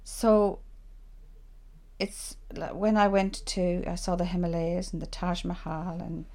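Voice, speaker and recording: An Irish woman in her sixties, speaking unhurriedly, looks back on her life for an interviewer. Her voice is low, warm and mellow with a gravelly edge, and she tells her stories with lively animation, voicing what she thought at the time.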